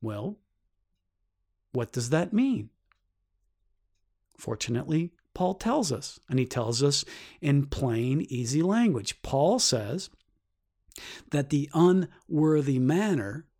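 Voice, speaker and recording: A man teaching a Bible lesson, explaining earnestly and asking rhetorical questions, his voice climbing sharply when he stresses a point. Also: darkish tone. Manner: rises sharply in pitch for emphasis.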